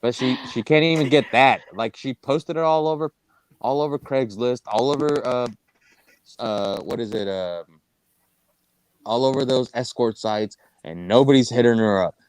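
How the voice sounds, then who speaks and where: A man's voice: mid-range voice, moderate pace, clean tone, no room sound. A man in a casual live chat, joking crudely and playing at being bossy. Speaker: co-host of a live gossip chat.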